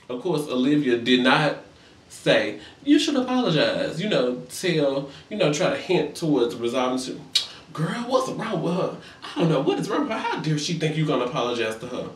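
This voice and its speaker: Sassy man recapping reality TV. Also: far from the mic. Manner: sassy and profane, acts out quotes in high voices. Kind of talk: casual comedic recap. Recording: roomy echo, a bit off-mic.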